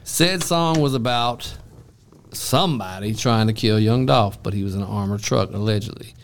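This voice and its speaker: Gravelly man trash-talking a card game. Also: lowish voice, moderate pace. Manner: profane, loud trash-talking storyteller. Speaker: podcast co-host. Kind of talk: casual chat over a card game.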